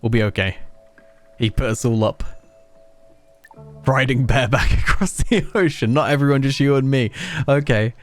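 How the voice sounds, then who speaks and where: A man talks at an ordinary mid pitch while streaming a game, rambling and poking fun at himself in loose, casual chatter. Faint game music runs underneath his voice. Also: fairly even intonation, moderate pace. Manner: chatty, rambling, self-mocking. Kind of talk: casual let's play commentary.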